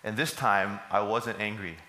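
A man's voice: fairly low pitch, steady tone, a little slow, pushed and bright. A man, preaching a sermon and putting questions to the congregation that he answers himself. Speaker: pastor. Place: church service hall. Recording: echoey hall.

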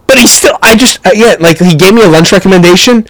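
A young man hosting a podcast, telling stories in a profane, rambling, animated way. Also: high voice, fast, dry recording, rough recording. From Canada. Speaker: podcast host. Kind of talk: casual storytelling rant.

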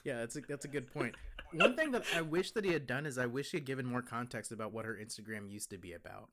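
A man's voice: medium pitch, lively intonation, fast talker, a bit bright. A young man co-hosting a podcast, talking in an easygoing, rambling way that often trails off. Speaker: podcast co-host. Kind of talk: casual podcast chat.

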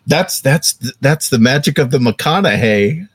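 Recorded with no room sound, this man co-hosts a podcast in relaxed conversation, his mid-range voice at a moderate pace. He's jokey and easygoing, and he slips into mock accents for laughs.

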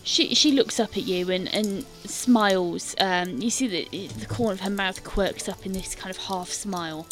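A woman's voice: medium pitch, moderate pace, hardly any pauses, fairly bright tone, soft background music. A woman game master narrating a tabletop scene in detail, with many fillers and hesitant restarts.

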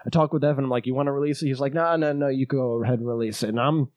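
A man's voice: medium pitch, very fast, dry recording, muffled recording. Swearing man telling a travel story. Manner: animated, swears a lot, acts out quotes. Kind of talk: casual storytelling chat.

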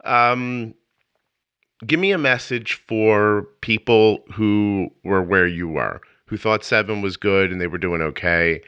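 A man's voice: lowish voice, takes it slowly, fairly bright tone, clean tone, dry recording. A middle-aged man hosting a podcast interview, chatty and enthusiastic, with rambling asides. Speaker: podcast host. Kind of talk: casual interview chat. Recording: dull lo-fi dry sound.

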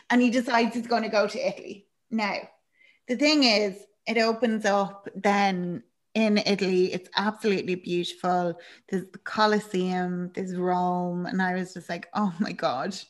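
A woman's voice: medium pitch, measured pace. Chatty woman recapping a film. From Ireland. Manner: chatty and animated, laughing often, acting out characters' lines. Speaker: podcast co-host. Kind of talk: casual chat recapping a film.

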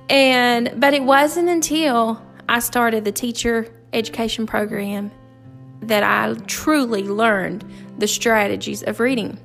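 A middle-aged woman, a teacher hosting a podcast, telling a heartfelt personal story in an earnest, halting way with many fillers and restarts. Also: a little high, a bit bright. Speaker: podcast host and fourth grade teacher.

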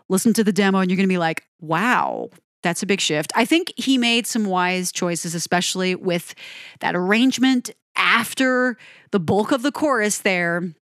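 A woman's voice: medium pitch, a bit bright, dry recording, clean studio sound. A woman talking through a rock song she loves, gushing about the playing and speaking directly to her viewers. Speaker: music reviewer. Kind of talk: enthusiastic song breakdown.

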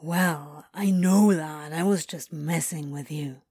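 Crowley, a woman doing a slow drawling male demon. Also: on the low side, darkish tone, no room sound. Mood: sheepish. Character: sulky, awkward male demon.

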